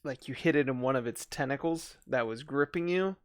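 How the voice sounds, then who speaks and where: A man narrating a tabletop game as dungeon master, relaxed and halting, with many fillers. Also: medium pitch, no room sound, clean studio sound.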